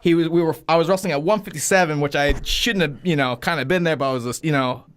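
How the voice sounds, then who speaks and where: A man in his thirties hosting a podcast, telling profane, animated stories full of acted-out quotes. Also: a little high, fast, clear, resonant tone. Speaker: podcast host. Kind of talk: casual storytelling chat.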